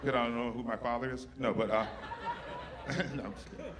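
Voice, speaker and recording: A man on stage doing a stand-up set, his voice sitting in an ordinary middle pitch. He talks brashly and profanely as he teases people in the audience. A large crowd laughs loudly around him. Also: steady tone, fairly quick. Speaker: stand-up comedian. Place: stage before a live audience. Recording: live show with loud audience laughter.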